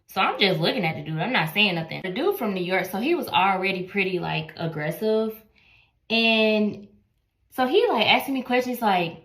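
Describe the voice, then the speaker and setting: Animated woman telling a story time in an echoey room. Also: fairly low pitch, moderate pace. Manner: animated, acts out quotes. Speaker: storyteller in clip.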